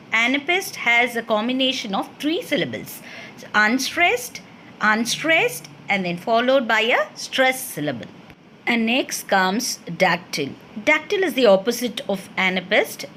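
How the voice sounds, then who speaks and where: A woman lecturer with an Indian English accent and a fairly high voice explains terms in a steady classroom manner. She poses questions and answers them herself. A faint hiss sits under the recording.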